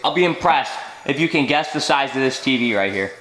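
A man's voice: medium pitch, expressive, brisk, a bit bright. A young man vlogging a casual house tour, joking and rambling, talking through retainers. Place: inside a house. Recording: echoey rooms, faint noise.

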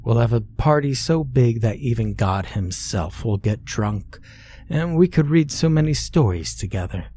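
A man voicing a loving, dying old grandmother who speaks softly and soothingly in a horror story. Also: medium pitch, expressive, normal speed, breathy edge. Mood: tender. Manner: soft, tender, soothing.

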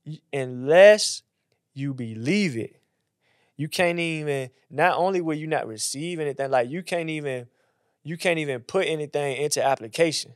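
Animated pastor man, slightly high voice. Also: moderate pace, dry recording, clean studio sound. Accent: Southern US. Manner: animated, acts out quotes in a higher voice. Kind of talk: casual faith talk.

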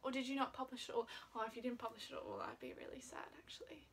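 A woman's voice: a little high, sing-song, quick pace, whispered. A woman in her twenties chatting casually with a friend, giggling often and rambling through questions full of fillers. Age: 20s. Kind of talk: casual chat between friends.

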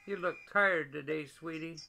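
Older man, tender, bright high voice. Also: moderate pace, gravelly, slight background noise. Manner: gentle, affectionate, repeats endearments. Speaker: husband on a video call. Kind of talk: tender video call chat. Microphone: video call.

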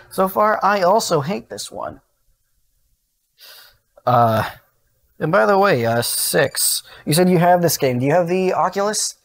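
A young adult man streaming a horror game, chatting casually to viewers and breaking into jumpy, swearing outbursts. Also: on the high side. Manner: jumpy, swearing outbursts and rambling asides to chat. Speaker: gaming streamer. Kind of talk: casual livestream commentary.

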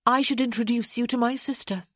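A woman's voice: fairly high pitch, fairly even intonation, brisk, no room sound, studio quality, voice pushed up. A woman voicing a meddling young noblewoman, coaxing. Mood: earnest coaxing. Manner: coaxing, gently insistent.

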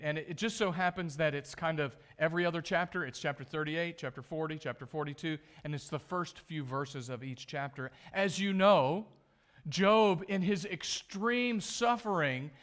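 Man, high voice, church sermon, pastor, reads scripture then explains it, emphatic. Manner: emphatic, with loud stressed words and asides.

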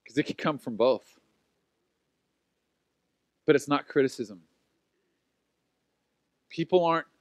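A man in his forties preaching a sermon, telling personal stories in an animated, self-mocking way. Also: mid-range voice, no echo. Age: 40s. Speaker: pastor.

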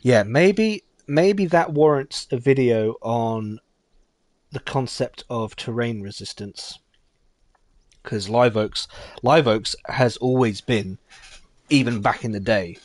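A man giving casual, rambling commentary while streaming a game, chatting easily and getting excitable when the action heats up. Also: mid-range voice, slow pace, no echo. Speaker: gaming streamer.

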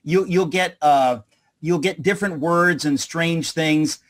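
A man hosting a conversational interview, speaking in a thoughtful, halting way with frequent restarts. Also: a little high, a bit bright. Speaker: host.

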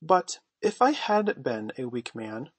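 A man's voice: medium pitch, big pitch swings, slow pace, no echo. Brief: male reader voicing a pompous yet tender middle-aged father, exclaiming with feeling. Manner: self-satisfied, dramatic exclaiming.

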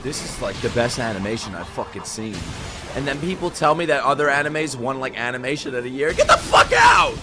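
A young man reacting to an anime, shouting, swearing and laughing in excited commentary. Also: mid-range voice, a little fast, over loud music. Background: anime soundtrack playing.

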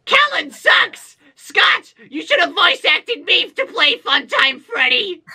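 A shrill, squeaky animatronic bear. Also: male voice, big pitch swings, slow, pushed and bright, full character voice. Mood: cheeky. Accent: British.

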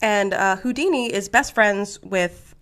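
A woman co-hosting a casual history podcast, telling the story with an animated, joking manner. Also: mid-range voice, a little slow. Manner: animated, laughing, acts out voices. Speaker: podcast co-host.

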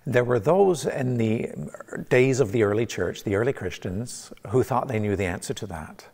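A man's voice: medium pitch, animated, moderate pace, a little mellow. A man preaching a conversational sermon as pastor, from Canada, with frequent restarts and fillers. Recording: long church reverb.

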